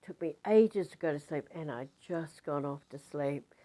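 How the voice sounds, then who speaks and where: An older woman, a spiritual teacher telling a story casually in a rambling, animated way with many fillers. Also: deep voice, normal speed, low-quality recording.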